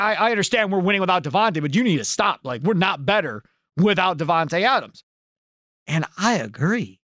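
A man hosting a sports talk radio show from a studio, talking in an animated, emphatic way and readily agreeing with callers. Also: high-pitched, no echo. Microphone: studio microphone.

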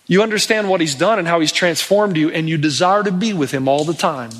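Bright, high-voiced male preacher. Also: slightly rough. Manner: animated preaching, acts out pleading voices of Bible characters. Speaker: pastor. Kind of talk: sermon.

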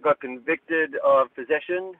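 Man, radio caller, laid-back rambling story, slightly high voice, tinny phone line. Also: measured pace. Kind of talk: phoned-in anecdote.

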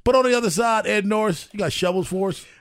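A man hosting a sports radio show, briskly running segments and reading out the call-in number. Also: sits high, a bit bright, dry recording, clean studio sound.

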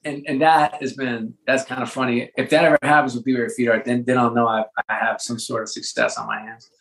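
Gravelly man telling animated stories. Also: medium pitch, a little fast, rough recording. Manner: animated storyteller with frequent restarts and fillers. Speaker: interview guest, sports executive and author. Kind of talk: casual conversational interview.

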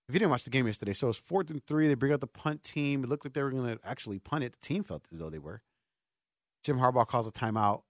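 A man's voice: medium pitch, very animated, fast, no echo, studio quality. A man in his thirties hosting a sports radio show, talking casually and rambling straight to his listeners. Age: 30s. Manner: rambling, chatty, addresses listeners directly. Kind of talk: casual sports talk monologue.

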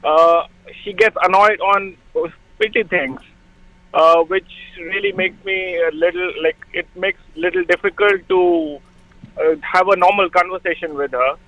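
A man calling in to a radio show, hesitant and filling pauses with "uh". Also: high-pitched, steady tone, pushed and bright, dry recording, rough recording. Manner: hesitant, lots of "uh". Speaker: caller.

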